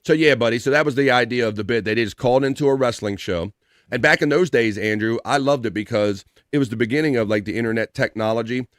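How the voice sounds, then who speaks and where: A man's voice: medium pitch, fast, dry recording, clean studio sound. A man hosting a casual live stream in a boisterous, profane manner, hyping up his segments. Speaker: livestream show host.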